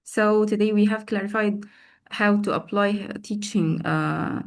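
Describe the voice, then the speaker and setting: Woman, mid-pitched, slow and patient teacher trainer on a video call, repeats words for drills. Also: vocal fry. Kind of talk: online teacher training session.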